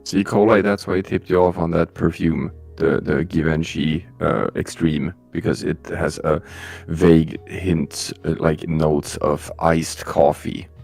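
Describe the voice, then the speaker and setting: Very deep gravelly man, hushed and close. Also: little pitch movement, a little slow, soft background music. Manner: speaking low and close to the mic. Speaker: subreddit moderator on a livestream. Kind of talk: casual livestream chat. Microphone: close desktop mic.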